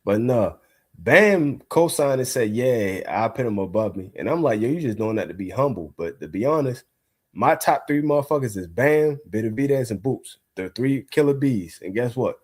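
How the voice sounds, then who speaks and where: A man's voice: medium pitch, lively intonation, normal speed, a little mellow, husky. Man, co-host, casual profane boxing talk, straight-ahead delivery. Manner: blunt, profane, opinionated.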